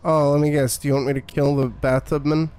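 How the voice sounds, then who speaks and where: Male streamer, fairly high voice, swearing and sarcastic over gameplay. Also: level tone, a little fast, darkish tone, smooth. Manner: profane, sarcastic, irritated. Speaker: game streamer. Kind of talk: live gameplay commentary.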